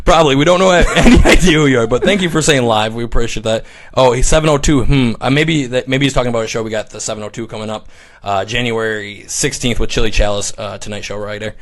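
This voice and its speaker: A man's voice: mid-range voice, fast talker. A man hosting a casual livestream chat, joking around, laughing often and reading viewer comments aloud. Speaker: host.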